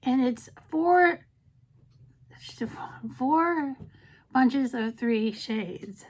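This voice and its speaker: A middle-aged woman talks through a casual makeup vlog in a slightly high voice. She is chatty and playful and now and then breaks into goofy sing-song bits. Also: animated, very slow. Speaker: beauty vlogger.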